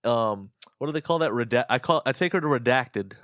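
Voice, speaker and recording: A man's voice: medium pitch, animated, fairly quick, fairly bright tone, no echo, clean studio sound. A man co-hosting a podcast, rambling and joking crudely in casual comedic chat. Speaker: podcast co-host.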